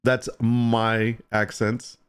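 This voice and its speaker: A man's voice: mid-range voice, completely flat delivery, drawn-out words, clean tone. A man hosting a casual livestream chat, joking with and teasing viewers and greeting them by name. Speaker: livestream host.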